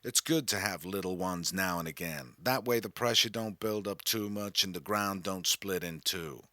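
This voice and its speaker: A man doing a completely unbothered middle-aged woman from a spoken memoir, her voice dropping low and quiet as she drawls in a lazy transatlantic way. She sounds relaxed. The recording is close and dry. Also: normal speed, no room sound.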